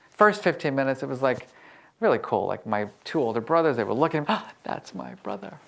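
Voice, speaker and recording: A man speaks to a live audience in a storytelling style, his pitch sitting in an ordinary middle range. He talks with lively energy and slips into voices when he quotes other people. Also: creaky. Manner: lively, acts out quoted dialogue. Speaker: emotional intelligence researcher and speaker. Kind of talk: storytelling public talk.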